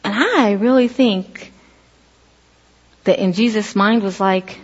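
A middle-aged woman giving a casual sermon, telling stories with lively acted-out quotes. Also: mid-range voice, takes it slowly, pauses often, breathy edge. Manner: animated storytelling, acts out quoted voices. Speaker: preacher. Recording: dull lo-fi audio in a reverberant hall.

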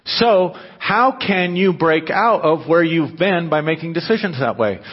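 A man's voice: fairly high pitch, expressive, a little slow, husky. A man preaching a sermon to his congregation in a conversational manner, breaking into emphatic, raised bursts. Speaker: pastor. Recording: dull muffled audio with long hall reverb.

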